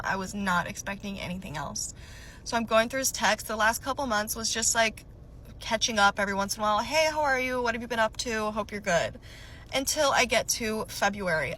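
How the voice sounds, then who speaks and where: A young woman casually recounting a personal story for a storytime vlog, animated and chatty with many filler "likes". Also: mid-range voice, a little hiss or hum, poor audio.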